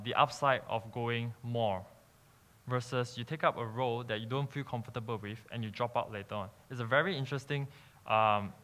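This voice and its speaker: A man's voice: medium pitch, a bit bright. A young man, an entrepreneur giving a conference talk and explaining step by step, checking in with "okay?" and "um" as he goes. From Malaysia. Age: young adult. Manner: peppers sentences with "okay?" and "um", explanatory.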